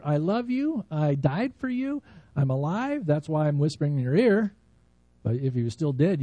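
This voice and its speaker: A man's voice: on the high side, warm tone, no echo. A man preaching an earnest, conversational sermon, then leading a prayer. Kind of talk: sermon with altar call and prayer.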